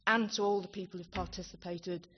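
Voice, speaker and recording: A woman's voice: on the low side, steady tone, brisk, slightly rough. Chatty woman thanking a conference crowd. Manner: chatty, self-deprecating, stumbles over words. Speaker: presenter at a conference closing ceremony. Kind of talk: live thank-you speech on stage. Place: conference hall with audience. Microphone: handheld microphone. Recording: dull hall sound with crowd behind.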